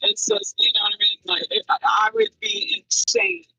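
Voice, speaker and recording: A woman's voice: medium pitch, very animated, normal speed, sharp tone, no room sound, rough recording. A young woman chatting casually and rambling, with many fillers and giggles. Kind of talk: casual podcast chat.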